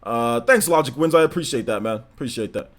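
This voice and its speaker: A man's voice: mid-range voice, expressive, brisk, a bit bright. A young man hosting a gaming livestream, chatting loosely and telling stories animatedly, full of "man" and "like". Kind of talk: casual livestream chat.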